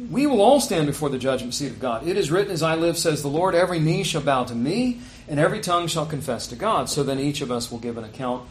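A man in the middle of a conversational sermon. His pitch sits at an ordinary middle height, and he rises and presses his voice when he reads scripture aloud. A faint hum of room ambience stays under his voice. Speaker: preacher.

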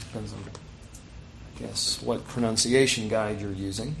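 A man's voice: mid-range voice, moderate pace, vocal fry, slight background noise. Man preaching a conversational sermon. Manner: conversational preaching, reads scripture aloud with emphasis.

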